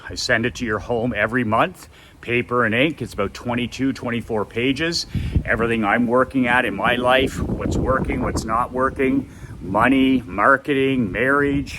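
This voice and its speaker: A man's voice: mid-range voice, normal speed. A man hosting a walk-and-talk video outdoors, pushing his products in an emphatic, repetitive motivational style. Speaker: host. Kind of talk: walk-and-talk sales pitch. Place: outdoors at home, walking. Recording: outdoor noise with passing traffic.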